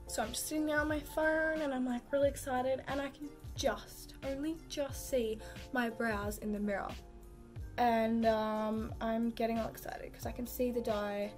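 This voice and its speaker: A woman's voice: fairly high pitch, fairly even intonation, normal speed, soft background music. A young woman vlogging casually, telling a funny story with lots of "like" and frequent giggles. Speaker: beauty vlogger.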